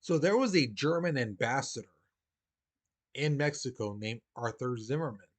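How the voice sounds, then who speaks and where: A man teaching history in a relaxed, chatty way, his voice sitting at an ordinary middle pitch. He explains as if talking straight to his class and slips into quick acted-out voices for the people he quotes. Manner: casual and conversational, acts out quoted voices. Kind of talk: recorded history lesson.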